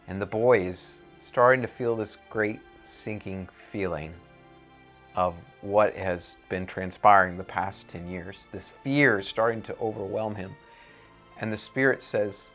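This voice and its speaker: A man's voice: fairly low pitch, a little slow, fairly bright tone, faint music behind. A man preaching, telling a moral parable in an earnest storytelling manner.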